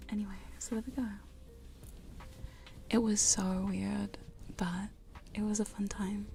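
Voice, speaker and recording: A woman streamer in a whispered livestream chat, rambling and giggling as she reads the chat. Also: medium pitch. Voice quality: soft whisper. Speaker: ASMR streamer. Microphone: studio condenser microphone.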